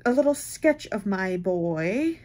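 A woman's voice: medium pitch, lively intonation, slow pace, dark tone. A young woman vlogging casually while she crochets, thinking aloud and teasing herself in a rambling way.

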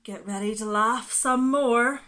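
A woman voicing a fed-up wasp with a silly name, loud and emphatic as it insists. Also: a little high, measured pace, pitched above the performer's own voice. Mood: weary.

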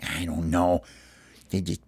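A man telling a home-made pretend play as a pet bird sleuth, in a low, scheming murmur. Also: level tone, slow, a little mellow, breathy edge, no echo. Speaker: storyteller dad playing the lead bird.

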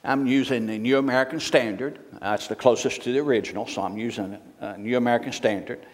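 This man talks quickly and steadily with few pauses as a guest preacher in a church sanctuary. His sermon is folksy and full of jokes, and scripture readings come out louder and higher. Long church reverb surrounds the recording.

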